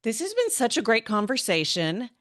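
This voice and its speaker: A woman's voice: a little high, huge pitch swings, moderate pace, fairly bright tone. A woman hosting an interview podcast, chatty and enthusiastic, often saying "like" and "right". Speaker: podcast host. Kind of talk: casual interview chat.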